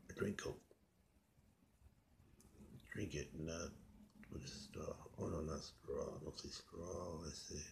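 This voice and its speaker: Comic lead: man doing an easygoing rambler, slow drawl, half-whispered mumble. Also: extremely low pitch, steady tone, gravelly, darkish tone, a little hiss or hum, full character voice. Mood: laid-back. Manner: slow, rambling, repetitive asides. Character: laid-back rambling young man character, easygoing. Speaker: comedy vlogger. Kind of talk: comic character monologue.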